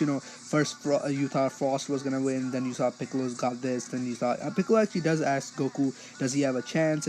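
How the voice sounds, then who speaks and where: A man's voice: medium pitch, darkish tone, poor audio. A man giving a casual spoken episode review, rambling along with many fillers and restarts.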